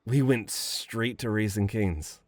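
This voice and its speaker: A man's voice: fairly low pitch, slow pace, dry recording, clean studio sound. A young man playing a boyfriend in a romantic voicemail role-play, reminiscing fondly, laughing often and swearing casually.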